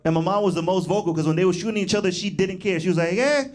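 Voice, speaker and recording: A man's voice: high voice, fairly even intonation, racing, a little mellow. A young man doing stand-up comedy, rambling and laughing at his own jokes.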